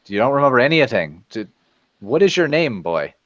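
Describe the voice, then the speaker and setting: A man voicing a gruff older male dwarf leader who talks in a blustery, rough-edged way. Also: mid-range voice, sing-song, brisk, a bit bright, no room sound, muffled recording, voice pushed up. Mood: questioning.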